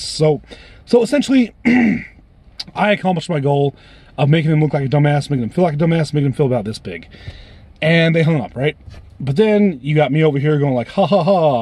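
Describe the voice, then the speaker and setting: A man's voice: fairly high pitch, warm tone, no echo. A man telling a story as an angry, profane rant, heated and repetitive as he vents to his viewers. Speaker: vlogger.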